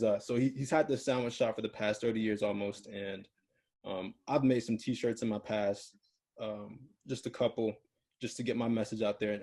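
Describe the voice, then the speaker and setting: A man's voice: mid-range voice, dark tone, husky. A man in his twenties calling into a video chat, rambling earnestly with lots of fillers. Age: 20s. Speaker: caller. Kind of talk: casual chat on a video call. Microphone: video call.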